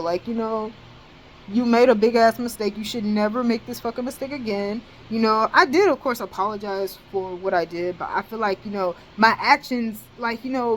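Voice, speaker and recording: A young adult woman in college, speaking in a mid-range voice, tells a storytime vlog over slight background noise on a rough recording. She's casual and animated, cursing freely and filling her sentences with "bro" and "dead ass."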